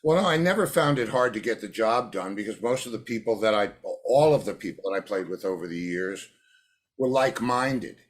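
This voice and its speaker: Lively man telling road stories. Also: fairly low pitch, fairly quick. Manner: animated storyteller who acts out quoted voices. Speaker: guest drummer and producer. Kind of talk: anecdotal interview storytelling.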